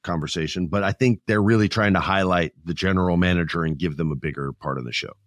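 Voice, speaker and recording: A middle-aged man hosting a podcast, chatting about wrestling in a lively, joking way. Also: deep voice, fast talker, no room sound, clean studio sound. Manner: animated, joking, puts on voices. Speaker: podcast host. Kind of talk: casual wrestling chat.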